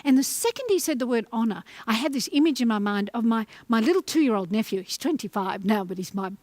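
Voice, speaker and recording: A middle-aged woman giving a motivational talk to camera, animated and acting out little voices as she goes. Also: fairly high pitch, fast talker, no room sound. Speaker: motivational speaker.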